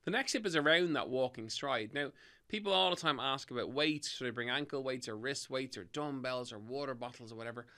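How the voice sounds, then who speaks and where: A man's voice: medium pitch, fairly quick, pushed and bright. An Irish man hosting a health podcast, giving direct, motivational fitness tips in an upbeat coaching manner. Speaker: podcast host and fitness trainer.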